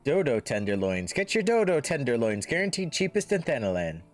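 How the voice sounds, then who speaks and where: A man's voice: mid-range voice, very animated, fairly quick, voice pushed up, close to an everyday voice. A man voicing a cheery male market vendor in a sing-song hawking manner.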